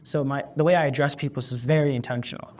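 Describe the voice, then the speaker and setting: A man's voice: mid-range voice, fairly even intonation, fast. A young man, a motivational speaker, talking earnestly in an interview and telling personal stories with lots of casual fillers. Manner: earnest, emphatic, storytelling with many "like" fillers. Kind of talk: interview, then stage speech clip.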